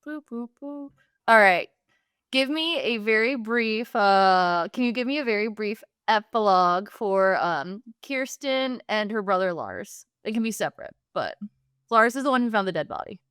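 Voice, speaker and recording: A woman's voice: mid-range voice, animated, fairly bright tone, clean tone, no room sound, clean studio sound. A woman co-hosting a podcast in casual chat, teasing her co-host and asking questions. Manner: teasing, quick to laugh, asks questions.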